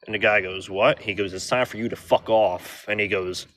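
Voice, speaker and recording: Middle-aged man, lowish edgy voice, swears a lot, rambles through a casual story. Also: steady tone, moderate pace, a bit bright, a little hiss or hum. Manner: rough, profane, rambling delivery. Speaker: vlogger telling a story.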